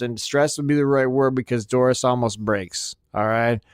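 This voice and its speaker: A man's voice: medium pitch, normal speed, clear, resonant tone, no room sound, studio quality. Foul-mouthed sarcastic man ranting. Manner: crude, sarcastic, swears constantly. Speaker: podcast host. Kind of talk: profane comedic rant.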